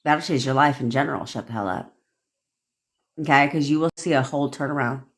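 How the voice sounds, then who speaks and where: A manifestation coach, this young woman speaks a little fast in a rumbling low voice during a livestream rant. Her delivery is blunt and profane, punctuated by frequent laughter.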